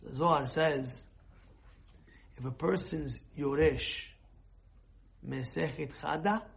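A man giving an informal sermon, animated and full of restarts, breaking into shouted quoted voices. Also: fairly high pitch, takes it slowly, vocal fry. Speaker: rabbi giving a talk. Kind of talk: informal sermon with acted examples.

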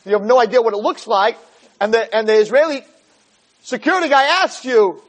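A man giving a religious lecture, telling stories in an animated way and acting out the people in them. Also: high voice, brisk, poor audio. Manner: animated storytelling, acting out scenes.

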